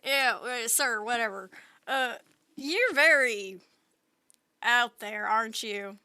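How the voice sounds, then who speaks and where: A woman doing a blunt local who answers in a dry, offhand way with hesitant starts. Her voice is bright and sits a little high. It is recorded close and dry. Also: slow pace, clean tone, no echo, exaggerated voice.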